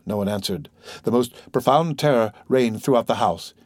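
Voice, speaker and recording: A man narrating a classic novel as an audiobook in a steady, measured way. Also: medium pitch, dry recording. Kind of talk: scripted narration.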